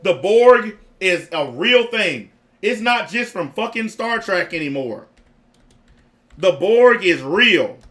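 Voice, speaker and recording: A man's voice: high voice, animated, takes it slowly, a bit bright. A man giving blunt, profane reaction commentary in a repetitive rant.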